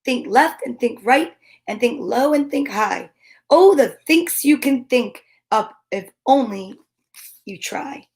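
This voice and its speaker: A woman with a high, bright voice gives a comic read-aloud of a rhyming picture book. She reads in a sing-song lilt and keeps dropping into hushed, nervous side remarks between the verses. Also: lively intonation, slow pace. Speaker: comedian reading a children's book aloud.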